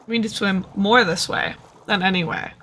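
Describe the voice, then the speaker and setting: A woman's voice: mid-range voice, moderate pace, bright, forceful tone, a little hiss or hum. A tired woman streamer rambling casually to herself while she plays. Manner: chatty, rambling, self-talking. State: tired, short on sleep. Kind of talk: casual gameplay commentary.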